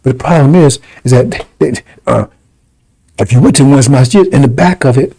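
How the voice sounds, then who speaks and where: A man's voice: mid-range voice, moderate pace, dark tone, slightly rough, low-quality recording. A man giving heated scripture commentary on a religious broadcast, scornful and rambling, with mocking laughs.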